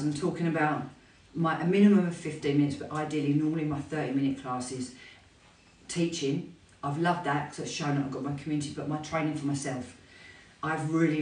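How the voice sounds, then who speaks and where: A woman in her fifties talks openly and with animation, the way a fitness instructor chats to her followers. Her voice sounds a little far off in an echoey room. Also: sits low. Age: 50s. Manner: chatty, candid and animated. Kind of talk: casual talk to camera. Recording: roomy, voice from a distance.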